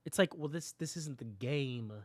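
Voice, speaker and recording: A man live-streaming a shooter game rants to his viewers in a lively, swooping voice that sits a little high. He repeats lines and plays up his outrage for effect. The sound is close and dry. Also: normal speed, no echo. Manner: animated, mock-dramatic ranting, often repeating himself. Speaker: gaming livestreamer. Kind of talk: live-stream rant to chat.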